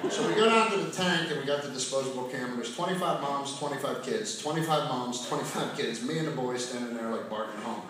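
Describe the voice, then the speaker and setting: A man's voice: medium pitch, quick pace, hardly any pauses, a crowd in the background. Man doing stand-up, wry storyteller, faint distant sound, heavy echo, noisy audience recording. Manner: wry, self-mocking storytelling. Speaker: stand-up comedian. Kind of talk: stand-up routine. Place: large casino showroom. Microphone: handheld stage mic, recorded by a phone in the audience.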